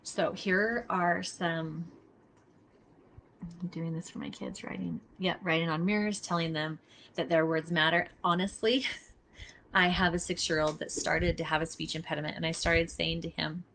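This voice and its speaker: A woman's voice: fairly low pitch, steady tone, normal speed, a bit bright, slight background noise. A middle-aged woman giving a casual live teaching talk, earnest and emphatic, speaking straight to her listeners. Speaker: body mapping teacher. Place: outdoors near traffic.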